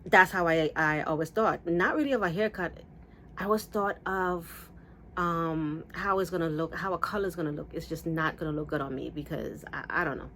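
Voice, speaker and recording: A woman's voice: moderate pace, a little hiss or hum. A woman vlogger casually telling a story to camera, rambling with restarts and asides. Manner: lively, acts out quotes with big pitch jumps. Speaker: beauty vlogger.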